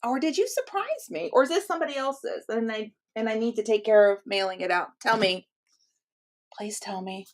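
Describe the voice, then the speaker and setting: A woman's voice: a little high, lively intonation, moderate pace. A woman hosting her own channel, chatting casually to viewers while opening gifts at home, gushing with gasps, little laughs and exclamations. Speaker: channel host. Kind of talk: casual unboxing chat to viewers.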